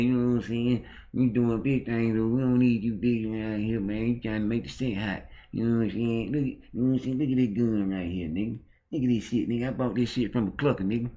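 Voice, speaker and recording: A brash, cocky young street hustler, as a man puts him on, his voice pushed well above the man's own low tone. He talks in loud, profane, boastful banter, jeering at whoever is in front of him. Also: dull audio, natural voice.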